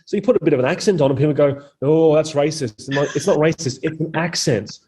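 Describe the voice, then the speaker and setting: A man's voice: a little high, very fast, a little mellow, slightly rough. A man, a comedian guest on a podcast, speaking bluntly and opinionatedly and swearing freely in casual conversation.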